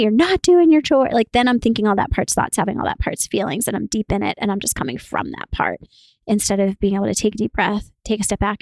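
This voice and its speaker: A woman co-hosting a casual podcast conversation, talking in an animated way and laughing often as she explains. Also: medium pitch, no echo. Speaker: podcast co-host.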